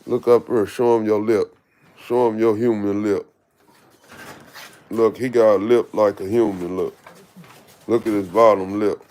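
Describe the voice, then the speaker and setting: A man's voice: on the low side, steady tone, warm tone. A man who breeds dogs, talking casually and unhurriedly on a livestream while he is outdoors with his dogs. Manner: laid-back, unhurried street talk. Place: outdoors at his dog kennels.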